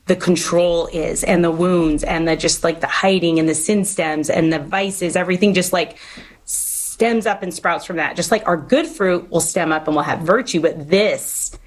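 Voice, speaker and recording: A woman's voice: fairly low pitch, moderate pace, poor audio. A woman hosting a faith-based podcast, talking earnestly and encouragingly like a short sermon. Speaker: podcast host. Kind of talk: faith-based interview chat.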